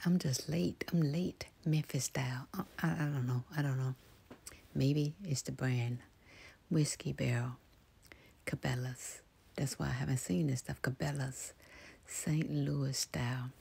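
A woman hosting a soft-spoken ASMR walkthrough of a big store, half-whispering product labels, repeating words and making chatty asides to viewers. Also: low-pitched, vocal fry, slightly rough. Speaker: ASMR channel host. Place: large indoor outdoor-goods store.

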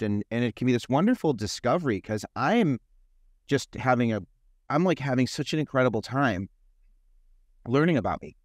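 A man's voice: medium pitch, no room sound. Man, mid-range voice, dry close mic, rambling podcast host who restarts often. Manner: rambling, repeats words and restarts. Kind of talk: conversational interview.

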